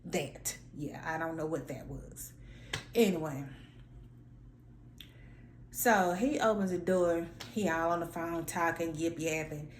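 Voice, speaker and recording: A woman vlogger telling a story in a sassy, animated, slangy way, acting out her own lines. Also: sits low, slow pace, long pauses, reverberant, a little hiss or hum. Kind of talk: casual storytelling rant.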